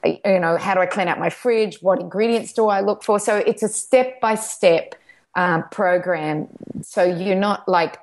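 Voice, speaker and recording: A middle-aged woman who makes documentaries chats casually in an interview, her mid-range voice moving a little slowly. She tells stories eagerly and rambles, often restarting her sentences.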